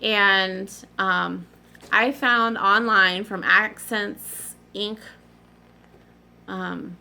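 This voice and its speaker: A woman's voice: mid-range voice, steady tone, drawn-out words, gravelly, long pauses, sharp tone. A middle-aged woman rambling in a casual, digressive chat to her vlog audience, often apologizing in asides. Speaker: cross-stitch vlogger.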